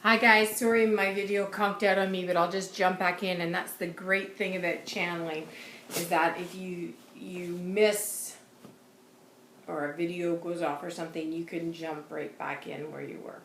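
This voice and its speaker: A woman giving an intuitive reading in a chatty, earnest vlog style with quick asides. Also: fairly low pitch, level tone, fairly bright tone, slight background noise. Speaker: intuitive reader and channeler. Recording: roomy echo.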